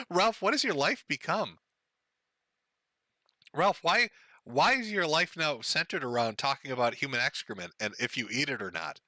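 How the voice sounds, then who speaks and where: A man's voice: a little high, expressive, a little slow, pauses often, sharp tone, no room sound. An older man hosting a stream, giving mocking, profane commentary and laughing at his own jokes. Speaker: streamer host.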